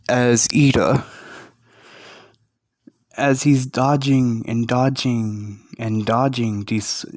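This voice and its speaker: A man narrating a fan story in a halting, hesitant way, speaking quietly with a sore throat. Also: mid-range voice, dry recording, clean studio sound.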